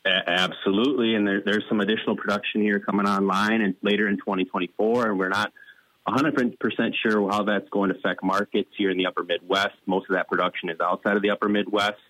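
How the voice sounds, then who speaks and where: Deep-voiced, plain-spoken man. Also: level tone, a bit bright, no room sound, poor audio. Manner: plain-spoken, measured, businesslike. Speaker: dairy lending specialist guest. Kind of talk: radio interview.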